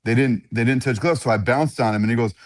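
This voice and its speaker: A man, a ring announcer, telling animated stories in a casual interview and acting out other people's lines. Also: mid-range voice, fast talker, slight background noise. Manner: animated storyteller who acts out others' voices.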